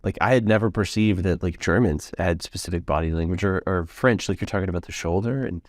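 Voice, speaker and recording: A man's voice: sits low, fast talker, a little mellow, dry recording, clean studio sound. An American man hosting a podcast, chatting enthusiastically with lots of fillers. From United States. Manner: enthusiastic, rambling, filler-heavy. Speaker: podcast host. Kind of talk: casual interview chat.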